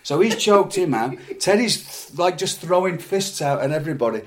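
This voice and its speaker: A middle-aged man from England, a former wrestler, telling animated anecdotes in a casual chat with frequent laughs and repeated words. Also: fairly high pitch, normal speed.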